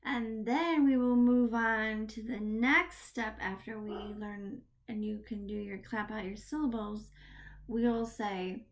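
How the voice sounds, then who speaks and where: Woman teacher, young children's lesson, very slow drawn-out speech, excited gasps, fairly high voice.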